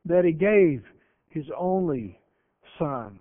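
A man preaching a sermon, emphatic, swinging between loud stresses and hushed lines and slowing down when he quotes scripture. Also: on the high side, lively intonation, no room sound. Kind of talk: radio sermon. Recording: tinny lo-fi radio broadcast.

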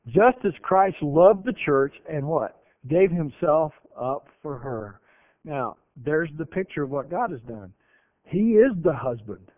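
A man delivers a radio sermon in a somewhat high voice, hitting words hard and then dropping to a near hush. He slows right down whenever he reads scripture. The sound is dry and thin, like a lo-fi broadcast. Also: expressive, no echo. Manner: emphatic, swings from loud to hushed, slows on scripture. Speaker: preacher.

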